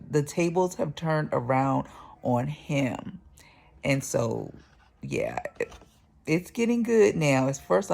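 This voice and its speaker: A woman talking casually to her viewers about what she is reading. Her voice has a gravelly creak. She is chatty and full of fillers, and she laughs easily. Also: deep voice. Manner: chatty, laughs often, lots of fillers and "y'all". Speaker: book vlogger. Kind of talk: casual chat to camera.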